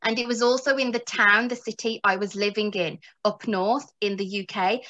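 A woman telling her story as a motivational speaker, animated and often laughing, acting out her inner voices. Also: medium pitch, normal speed, highs cut off.

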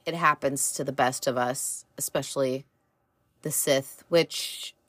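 Woman, casual show review, rambling, swears now and then, slow unhurried delivery. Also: very deep voice, steady tone, fairly bright tone, no room sound. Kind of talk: casual solo review chat.

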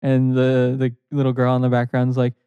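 A man's voice: mid-range voice, completely flat delivery, normal speed, warm tone, clean tone, dry recording, highs cut off. A man co-hosting a comedy podcast, joking and laughing as he chats casually. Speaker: podcast co-host.

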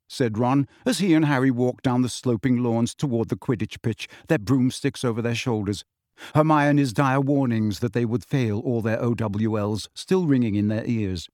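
A man giving steady, even storybook narration as an audiobook reader. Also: mid-range voice, normal speed, no echo, studio quality.

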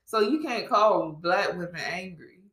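Woman co-host, blunt slangy remarks, bright voice, echoey room. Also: medium pitch, expressive, a little slow. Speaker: podcast co-host. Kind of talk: casual chat.

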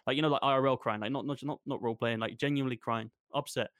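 Fast, rambling man with a grievance. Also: medium pitch, fairly even intonation, a bit bright, no echo, studio quality. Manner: rambling, repetitive, swearing. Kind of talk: heated casual complaint.

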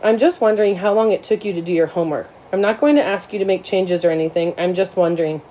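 A woman voicing a cheerful male schoolteacher talking gently with a student. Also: on the low side, steady tone, fast, slight background noise, natural voice, rough recording. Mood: upbeat.

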